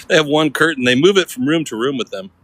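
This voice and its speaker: A man's voice: a little high, fairly bright tone, low-quality recording. A man talking casually as he walks through a city for a vlog, rambling and laid-back, laughing often and using slang. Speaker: vlogger. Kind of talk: casual walking vlog chat. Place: city streets outdoors. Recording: outdoor street noise behind.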